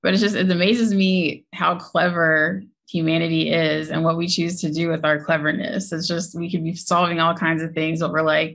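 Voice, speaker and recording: Chatty laughing woman, low voice. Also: little pitch movement, moderate pace, vocal fry, few pauses, a bit bright. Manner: chatty, laughs often, self-correcting. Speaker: podcast co-host. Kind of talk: casual tech chat.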